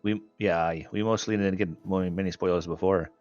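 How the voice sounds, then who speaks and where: A man's voice: deep voice, fairly even intonation, normal speed, darkish tone, lo-fi sound, faint music behind. A man playing a tabletop game, chatting and slipping into a put-on accent with lots of "aye". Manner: keeps saying "aye" in a put-on character accent. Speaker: player. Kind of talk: tabletop game chat, in character at times.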